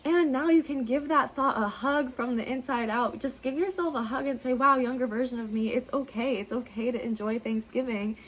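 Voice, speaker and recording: A woman's voice: high-pitched, rough recording. A woman dietitian giving advice straight to camera in an encouraging, reassuring way, asking plenty of rhetorical questions. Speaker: registered dietitian. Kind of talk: direct-to-camera advice talk.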